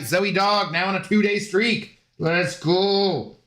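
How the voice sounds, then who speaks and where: Man, streamer, casual chat, rambling, bright clear tone, slightly high voice. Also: fairly even intonation, slow pace. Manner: rambling, talks sing-song baby talk to his dog. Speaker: streamer chatting with viewers.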